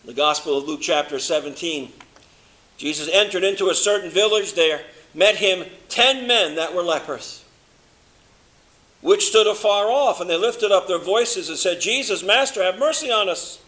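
High-voiced, bright man preaching. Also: expressive. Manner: dramatic, swings from loud emphasis to low hushed delivery, slows for stress. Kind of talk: sermon.

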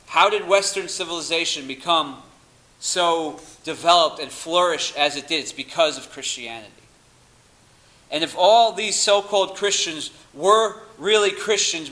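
Bright emphatic man preaching. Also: fairly high pitch, normal speed, rough recording. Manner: emphatic, reads scripture aloud. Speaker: pastor. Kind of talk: sermon.

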